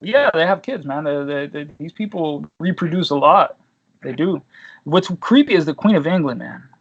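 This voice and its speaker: A man's voice: on the high side, expressive, normal speed, husky, highs cut off. A man hosting a casual podcast chat, telling rambling stories full of slang and swearing. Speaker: podcast host.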